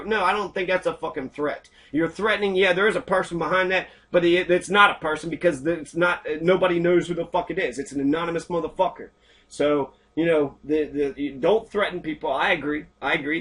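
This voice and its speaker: A man's voice: fairly high pitch, fairly bright tone. A man hosting an online show, delivering an angry, profane political rant full of swearing. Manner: angry, heavy swearing, ranting. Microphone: computer mic while scrolling screen.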